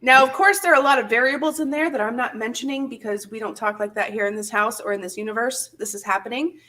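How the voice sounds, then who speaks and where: A woman's voice: fairly high pitch, fast, pushed and bright. A woman hosting a casual live-stream chat, chatty and laughing often, with many fillers. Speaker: channel host.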